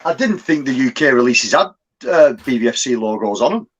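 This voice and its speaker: A man's voice: medium pitch, lively intonation, brisk, breathy edge, lo-fi sound. A man chiming in on a casual movie stream with short, profane remarks. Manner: brief laughing interjections, profane. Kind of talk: casual live-stream chat.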